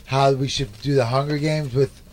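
A man's voice: mid-range voice, steady tone, moderate pace, a little mellow, slight background noise. A jokey man co-hosting a comedy podcast, doing mock ad reads. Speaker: podcast co-host.

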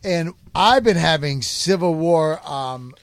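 A man hosts improvised comedy and announces contestants in a hammy game-show manner. His voice sits fairly high, and the recording is close and dry. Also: animated, slow pace, no room sound. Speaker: host.

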